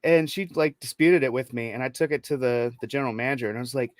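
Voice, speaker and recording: A man's voice: medium pitch, fast, few pauses, no room sound. A man co-hosting a casual podcast chat, swearing freely and telling stories with animation. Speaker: podcast co-host.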